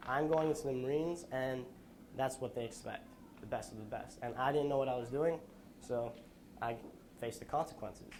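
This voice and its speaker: Young man, student presenter, earnest, halting, tired, middle pitch, faint noise behind. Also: a little mellow. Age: young adult. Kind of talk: school presentation, personal story.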